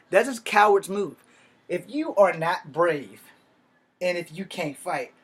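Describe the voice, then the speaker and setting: A man vlogging to camera in a profane, combative rant. His voice sits slightly high, and he talks bluntly, swearing freely as he makes his points. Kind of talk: profane ranting monologue.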